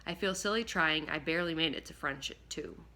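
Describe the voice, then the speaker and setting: A woman narrating a first-person audiobook in a lively, expressive way, now and then slipping and rereading a line. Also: low voice, brisk. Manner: lively, expressive reading with occasional slips and rereads.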